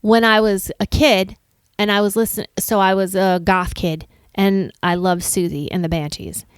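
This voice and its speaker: A middle-aged woman from Chicago, co-hosting a podcast in casual chat and telling lively stories with acted-out quotes. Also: mid-range voice, moderate pace, clean tone, no echo, clean studio sound. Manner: animated storyteller, acts out quotes. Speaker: podcast co-host.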